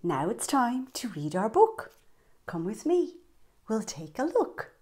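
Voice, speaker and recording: Woman, children's storyteller, lively sing-song voice, slow careful reading, points out pictures. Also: a little high.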